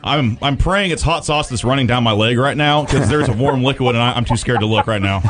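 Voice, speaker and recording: A man's voice: medium pitch, brisk, over music. A man co-hosting a morning radio show, jokey and self-deprecating in casual chat. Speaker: radio co-host.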